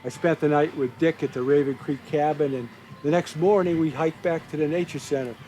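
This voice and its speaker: A man's voice: fairly high pitch, steady tone, a little fast, warm tone, slight background noise, rough recording. An older man who worked for a state park, telling a story in a documentary interview and acting out the quotes.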